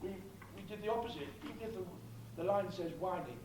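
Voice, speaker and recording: A man's voice: high-pitched, fast talker, darkish tone. An older man with an English accent, a guest actor chatting and joking through answers at a convention panel. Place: large echoey convention hall. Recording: echoey hall from far off, noisy.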